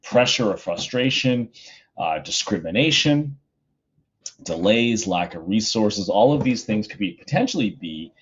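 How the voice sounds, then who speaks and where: A middle-aged male high school teacher giving a casual, chatty recorded lesson from home, with plenty of fillers. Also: expressive, measured pace, breathy edge, dull audio.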